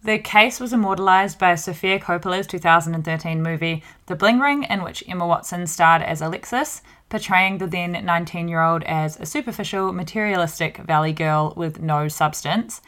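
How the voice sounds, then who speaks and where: A woman's voice: on the low side, moderate pace, few pauses, fairly bright tone. A woman co-hosting a podcast, reading an earnest scripted introduction. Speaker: podcast co-host.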